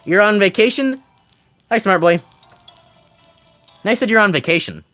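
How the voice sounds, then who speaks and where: A man rambles through casual game commentary, answering his chat with jokes and frequent laughter. His voice sits high for a man and swings lively up and down, and faint music plays behind him. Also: measured pace. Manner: rambling, jokey, laughs often. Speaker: gaming streamer.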